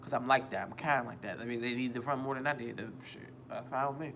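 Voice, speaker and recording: A man's voice: mid-range voice, fairly even intonation, fast, background noise. A man vlogging a casual storytime on a phone, rambling, repeating himself and swearing freely. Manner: rambling, profane, self-repeating.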